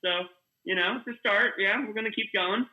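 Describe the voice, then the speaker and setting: A man telling animated stories as a guest on a casual podcast, full of "you know" and "like". His voice is high and sharply bright, with a forceful edge. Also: normal speed, lo-fi sound. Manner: animated storyteller, filler-heavy. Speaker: guest, kids jiu-jitsu coach.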